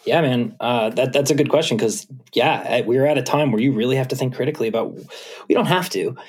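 A man who is a musician, chatting casually as an interview guest, animated and swearing, acting out his own thoughts. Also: medium pitch, fast talker, slightly rough. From USA.

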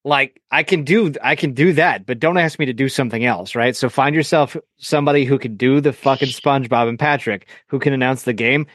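A blunt man who is a podcast guest, ranting casually and swearing freely. His voice sits at an ordinary middle pitch. It sounds dry and close, with no room echo. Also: brisk, few pauses, fairly bright tone. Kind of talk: casual chat.

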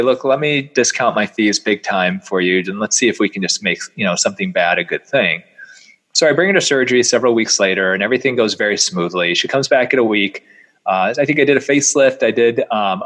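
A middle-aged man, a plastic surgeon, telling a story in an animated way and acting out the voices of the people in it. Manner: acts out quoted voices, rises sharply in pitch when incredulous.

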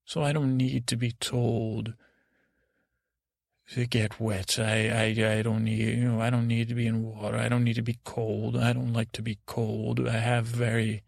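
A man voicing a fastidious, curious male talking cat in a spoken bedtime story, with a gravelly voice. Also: mid-range voice, flat delivery, no echo, clean studio sound. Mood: prim. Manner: prim, inquisitive.

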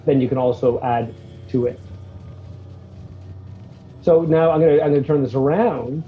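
A man talking loosely about a piece of music, wandering from thought to thought and voicing his reactions as he goes. His pitch sits in the middle, and the sound is a little dull, with faint music underneath. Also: moderate pace. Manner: rambling and animated, restarts, acts out his reactions. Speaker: guest reviewing a music track. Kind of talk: casual chat.

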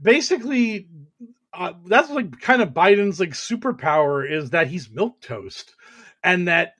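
A man co-hosting a casual political chat, sarcastic and animated, mocking others in put-on voices. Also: high-pitched, measured pace. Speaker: podcast co-host.

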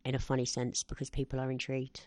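A woman's voice: extremely low pitch, fast talker, no echo, soft background music. A woman, a podcast guest telling stories in a casual interview and acting out other people's lines. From southeast England. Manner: lively storyteller who acts out other people's lines.

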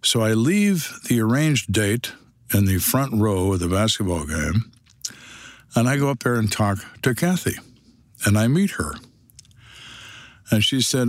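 A man's voice: lowish voice, sing-song, unhurried, pauses often, no room sound. An older man, a retired detective, telling stories from his life in a dry, matter-of-fact way. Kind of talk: storytelling monologue.

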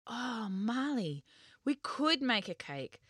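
A woman doing a cheeky high young boy. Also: sing-song, slow, fairly bright tone, breathy edge, no room sound, studio quality, full character voice. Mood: playful. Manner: playful, curious.

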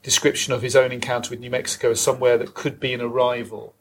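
Brief: man, onstage interviewer, mid pitch, discursive and academic, faint background noise. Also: flat delivery, fast talker. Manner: discursive, academic, with long winding questions. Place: live event venue with an audience.

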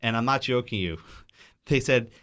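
A man, a guest in a podcast studio, telling a story in an animated way and acting out what other people said. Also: mid-range voice, moderate pace. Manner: animated, quotes people in changing voices.

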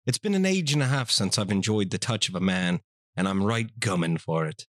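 Sly little leprechaun woman, Irish brogue, lively low voice, dry sound. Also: fairly quick, no room sound. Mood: sultry. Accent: put-on Irish. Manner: playful brogue, laughs through lines. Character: cheeky bawdy female leprechaun, small and sly. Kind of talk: comedic dramatic reading.

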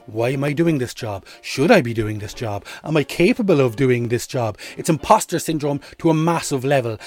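An Irish man hosting a solo comedy podcast, rambling and swearing freely as he tells stories. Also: medium pitch. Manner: animated, profane, rambling comic storytelling. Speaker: podcast host.

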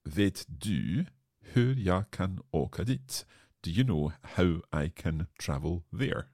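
A man's voice: low voice, very animated, slow pace, mellow, no echo, studio quality. A man hosting a language lesson podcast, joking at his own expense while discussing phrases with a teacher. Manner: self-deprecating, joking. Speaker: podcast host learning Swedish.

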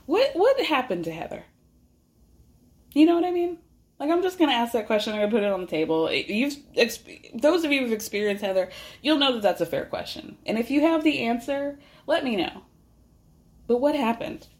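A woman hosting a podcast, giving a chatty, animated recap of a reality show in casual, rambling speech. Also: fairly high pitch, normal speed. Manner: chatty, animated, peppered with "like" and laughter. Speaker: podcast host. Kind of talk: casual pop culture recap monologue.

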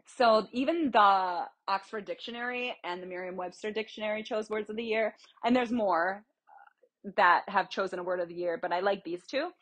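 Young woman, solo podcast host, chatty, rambling, mid-pitched voice. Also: normal speed, a bit bright. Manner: chatty, rambling, explains with examples. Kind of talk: casual solo podcast chat.

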